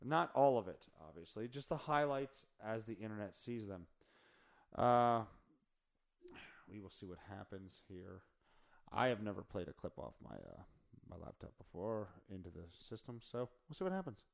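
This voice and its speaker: A man hosting a podcast in a casual, joking chat. His voice is hoarse, and he rambles and corrects himself often. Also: fairly low pitch, sing-song, normal speed. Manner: rambling, self-correcting, jokey. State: hoarse from singing in the car. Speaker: podcast host.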